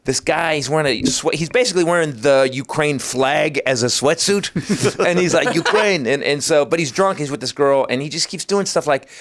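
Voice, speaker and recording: Middle-aged man, comedian on a podcast, lively storytelling, swears, mimics people. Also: a little high, moderate pace. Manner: lively, acts out voices in his anecdotes, swears freely. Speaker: comedian guest.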